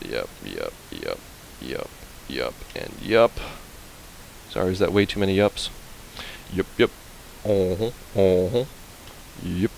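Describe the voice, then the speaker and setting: A man's voice: sits low, slight background noise, rough recording. A man giving casual, chatty commentary while playing a game, playful and prone to humming and repeating fillers. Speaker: let's play host.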